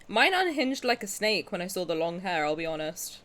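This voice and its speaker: A young woman streamer chatting casually and excitedly to her viewers, dramatic and joking crudely. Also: on the low side, brisk, hardly any pauses. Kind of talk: casual livestream reaction chat.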